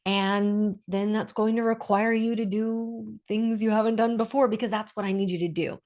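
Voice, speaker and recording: A woman's voice: mid-range voice, fairly even intonation, normal speed, darkish tone. A woman speaking in a casual webinar discussion, stressing her points by repeating them, speaking over a video call.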